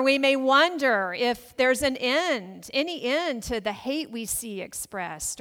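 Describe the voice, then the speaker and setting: A woman's voice: mid-range voice, a bit bright, long reverb tail. A woman pastor preaching a sermon in a conversational, storytelling way, often asking the congregation questions.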